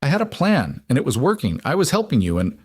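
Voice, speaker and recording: A man's voice: medium pitch, wildly swooping pitch, quick pace, a little mellow, husky, voice pushed up. A man voicing an insecure adult husband who confesses hesitantly and apologetically in an audiobook. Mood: confessional.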